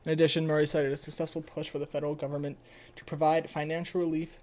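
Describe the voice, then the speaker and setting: Rambling sarcastic young man, fairly high voice. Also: little pitch movement, fast, a little mellow. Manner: rambling, sarcastic, swears, stumbles when reading. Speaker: streamer. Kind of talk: casual livestream, reading an article aloud.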